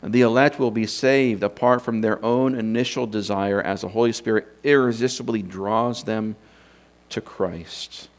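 A man's voice: fairly low pitch, steady tone, unhurried. A man teaching from scripture in an unscripted sermon, thinking aloud and posing rhetorical questions to his listeners. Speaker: preacher teaching doctrine.

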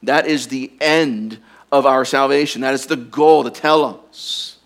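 Male pastor, mid-sermon, earnest and pressing, goes quiet for emphasis. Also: on the high side. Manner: earnest, urging, drops to quiet intensity on key points.

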